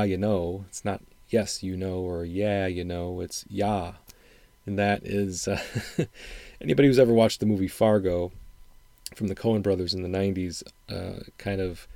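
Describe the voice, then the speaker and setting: A middle-aged man with a faint upper Midwestern American accent hosts a casual solo show. His voice sits low and warm, recorded dry and close with no room around it. He talks in a loose, thoughtful way, full of restarts and fillers. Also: no room sound. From Wisconsin, upper Midwest US. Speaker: podcast host reviewing songs.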